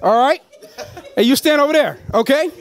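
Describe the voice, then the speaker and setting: High pitched guy hyping up a crowd at a business meeting, swoopy animated voice, laughing a lot. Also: moderate pace. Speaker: motivational speaker at a business opportunity meeting. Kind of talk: energetic live sales pitch. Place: meeting room with a live audience.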